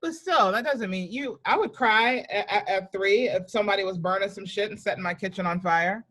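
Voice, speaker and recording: Animated woman comedian telling stories. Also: medium pitch, fairly quick. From New York and Virginia, US. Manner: animated, acts out voices in anecdotes. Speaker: comedian guest. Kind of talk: casual storytelling in a podcast.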